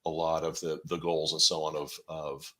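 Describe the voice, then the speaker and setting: Low, bright-voiced man explaining at length. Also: little pitch movement, moderate pace. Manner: long, meandering explanations. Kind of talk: casual chat.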